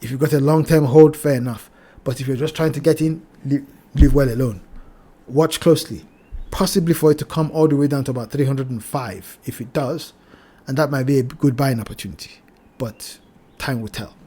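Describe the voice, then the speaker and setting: A man's voice: medium pitch, brisk, husky. Man warning viewers over trading charts. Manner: cautionary, repeats phrases, addresses "ladies and gentlemen". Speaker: crypto trading channel host. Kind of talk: chart analysis talk.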